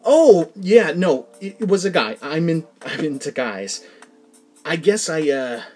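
Man voicing young adult protagonist, halting, stammering, slightly raised pitch, faint music. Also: big pitch swings, darkish tone. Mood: hesitant. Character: hesitant young adult narrator-protagonist, tearful.

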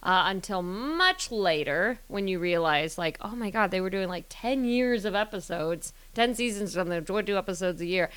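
A woman's voice: mid-range voice, expressive, moderate pace, few pauses, fairly bright tone, clear, resonant tone. A woman co-hosting a podcast in casual chat, giggly and rambling. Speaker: podcast co-host.

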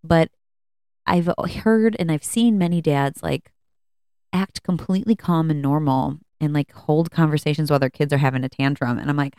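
Female podcast host, chatty and candid, low voice, smooth with some fry. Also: moderate pace, dark tone, no room sound, studio quality. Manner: candid, chatty, with many fillers and restarts. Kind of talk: casual personal talk. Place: at home.

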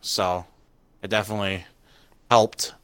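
Young man, podcast host, bright crisp voice, laid-back and halting. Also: fairly low pitch, little pitch movement, no room sound. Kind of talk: casual podcast chat.

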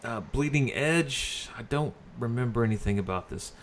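A man chatting casually about video games, relaxed and trailing off, correcting himself as he goes. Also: mid-range voice, moderate pace, crowd noise. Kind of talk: casual gaming chat.

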